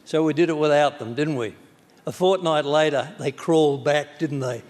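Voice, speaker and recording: A man's voice: fairly high pitch, moderate pace, a little mellow. An older Australian man, a former minister, giving a blunt, anecdotal tribute speech. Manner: blunt, anecdotal, plain-spoken. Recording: stage speech in a reverberant hall.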